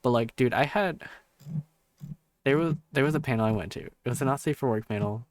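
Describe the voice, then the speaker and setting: A man's voice: medium pitch, a little fast, no room sound. A man chatting casually on a live stream, rambling through a story with lots of swearing and restarts.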